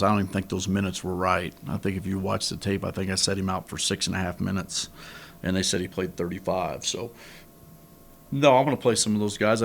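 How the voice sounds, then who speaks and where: A man's voice: lowish voice, vocal fry, a little hiss or hum. A middle-aged man, a head basketball coach, answering reporters at a press conference in a candid, rambling way with many restarts.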